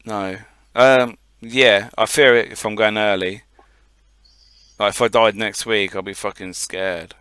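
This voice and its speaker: A man co-hosting a podcast in casual chat, blunt and quick with jokes, swearing freely. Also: fairly low pitch, fairly even intonation, fairly bright tone, clean tone, no echo. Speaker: podcast co-host.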